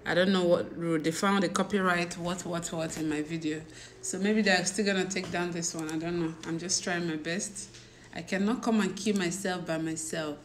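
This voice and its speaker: A woman's voice: on the low side, fairly even intonation, normal speed, slight background noise. A woman with a Nigerian accent chatting casually with her livestream viewers, mixing in pidgin and laughing often. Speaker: livestream host. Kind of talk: casual live chat with viewers.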